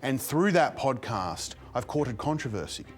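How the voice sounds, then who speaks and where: A man's voice: mid-range voice, sing-song, a little slow, soft background music. A man hosting a mock comedy class, lecturing in a pompous, self-important way. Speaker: comedy show host. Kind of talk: scripted mock-instructional comedy.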